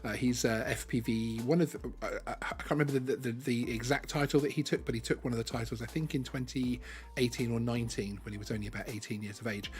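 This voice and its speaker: A man's voice: medium pitch, fairly even intonation, fast talker, faint music behind. Chatty man hosting a live stream. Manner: chatty, lots of ums and restarts. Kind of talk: casual live stream chat.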